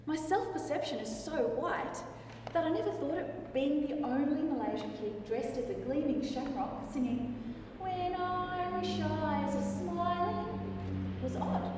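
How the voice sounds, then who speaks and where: A middle-aged woman with a broad Australian accent telling a wry, lively comic monologue on stage. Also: sits high, background noise. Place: large town hall stage. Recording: echoey hall, miked from far off.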